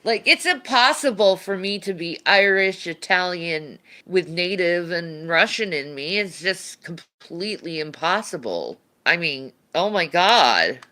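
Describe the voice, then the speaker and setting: A woman's voice: on the low side, animated, a little slow, hardly any pauses, bright, forceful tone. A woman livestreamer chatting casually and answering viewer questions, rambling and laughing, often restarting her sentences.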